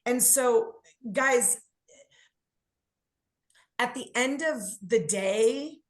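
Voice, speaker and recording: A woman's voice: a little high, very slow, roomy sound. A woman hosting a group talk, emphatic and repeating phrases, speaking to the group as guys. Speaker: host.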